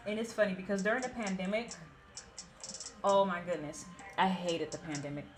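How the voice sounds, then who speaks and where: A woman's voice: fairly low pitch, fairly even intonation, moderate pace. A woman in her thirties from the Bay Area, telling a story to her viewers in a chatty, blunt and profane way. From San Francisco Bay Area. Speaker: vlogger. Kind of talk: casual storytelling. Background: faint background music.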